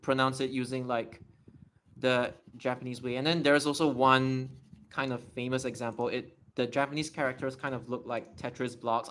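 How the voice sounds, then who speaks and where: Slow, unhurried young man explaining. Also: mid-range voice, bright, forceful tone. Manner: explains step by step while writing, thinking aloud. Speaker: livestreamer. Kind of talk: casual livestream explanation.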